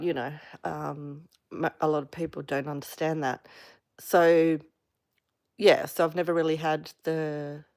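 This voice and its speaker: A woman speaking frankly in a casual live personal vlog, halting with many fillers and restarts as she vents. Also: sits low, darkish tone, no echo, studio quality. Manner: frank, venting. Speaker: vlogger on a live stream.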